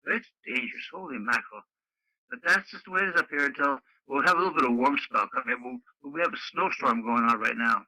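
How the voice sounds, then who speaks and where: A man's voice: mid-range voice, fast talker, pushed and bright, no echo, rough recording. A man in a rambling, folksy casual chat over the radio. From Canada. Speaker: radio net regular.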